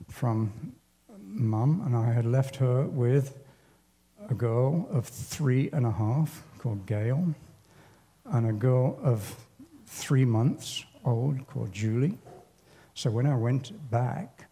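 An older man telling a personal war story at a church service in a halting, unhurried, wry way. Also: mid-range voice, animated, warm tone. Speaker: church speaker. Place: church hall.

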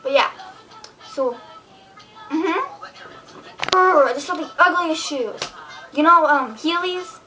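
A woman's voice: high-pitched, takes it slowly, long pauses, sharp tone, faint music behind, poor audio. A teenage girl vlogging to her viewers, rambling and exasperated as she chats casually to the camera. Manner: rambling, chatty, exasperated storytelling.

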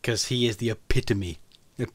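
A man's voice: mid-range voice, normal speed, no room sound. A man co-hosting a casual podcast chat, laughing often and repeating words as he thinks. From United Kingdom. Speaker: podcast co-host.

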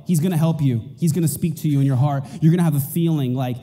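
A man's voice: fairly high pitch, quick pace, few pauses, warm tone, in a large hall. A man preaching a sermon as pastor, emphatic and repeating his key points. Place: church auditorium.

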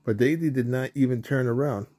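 A man reading a children's storybook aloud in a mellow, mid-pitched voice. His pace is unhurried and plain, with now and then a small slip or restart. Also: slightly rough, no room sound. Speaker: storybook reader.

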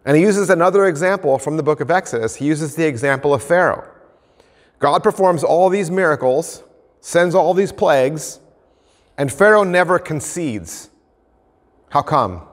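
Brief: male pastor, conversational sermon, slightly high voice, long hall reverb. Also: moderate pace, pauses often. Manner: conversational, illustrates points with everyday stories and role-play.

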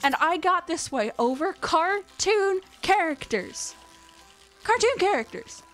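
A woman's voice: very high-pitched, sing-song, takes it slowly, fairly bright tone, faint music behind. A woman hosting a let's-play video, rambling eagerly in casual chat and filling her sentences with "like.". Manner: gushing, rambling storyteller with lots of "like". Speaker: let's-play gamer host. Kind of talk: casual gameplay chatter.

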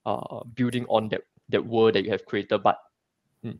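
A man's voice: on the low side, fairly even intonation, normal speed, no room sound. A man from Singapore talking casually as a guest comic creator, chatty, with many fillers and restarts. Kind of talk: casual interview chat.

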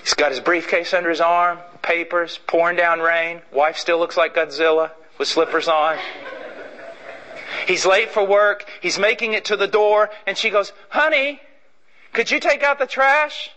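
Male preacher, high and bright, who drives points home through repetition. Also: flat delivery, moderate pace, rough recording. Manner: emphatic and repetitive, acting out stories. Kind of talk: sermon.

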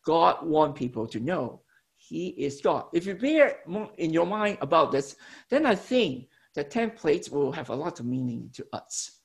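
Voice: medium pitch, sing-song, unhurried, vocal fry. A preacher giving a teaching sermon, explaining step by step to a congregation and often restarting and correcting phrases mid-sentence.

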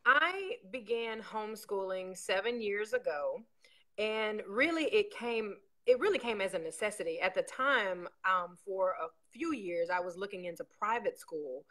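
A woman's voice: mid-range voice, animated, unhurried, fairly bright tone. A woman, a guest on a podcast, talking in a direct, joking way. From Texas. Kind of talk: remote interview.

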